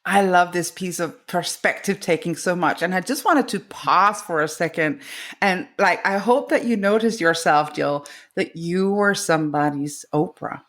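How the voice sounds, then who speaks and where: Low-voiced supportive woman guest. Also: normal speed, a bit bright. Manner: supportive, with brief affirming interjections. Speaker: psychologist guest. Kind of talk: conversational interview.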